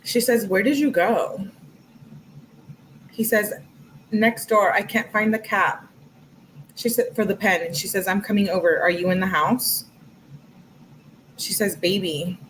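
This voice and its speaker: A woman's voice: medium pitch, steady tone, measured pace, pauses often, fairly bright tone, slight background noise, rough recording. A young woman casually reading text messages aloud on a livestream, adding her own comments as she goes. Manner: chatty, reads quotes aloud with commentary asides. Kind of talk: casual livestream read-through.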